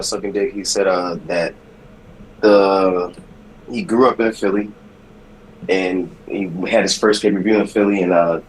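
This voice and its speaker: A lower-pitched man talks through a wrestling show in a loose, rambling way, swearing casually. Faint noise sits behind the recording. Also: low-quality recording. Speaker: podcast co-host.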